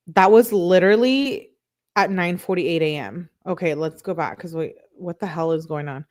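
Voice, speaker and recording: A woman's voice: fairly low pitch, moderate pace. A woman hosting a true crime channel, casually reading text messages aloud and breaking off with puzzled asides. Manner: reads texts flatly, breaks off with puzzled asides.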